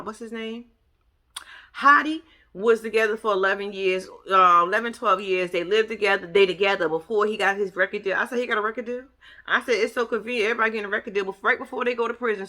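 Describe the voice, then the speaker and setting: Bright-voiced woman in a profane vlog rant. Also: a little high. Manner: animated, profane, trash-talking. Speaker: vlogger recapping a reality show. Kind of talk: casual commentary vlog.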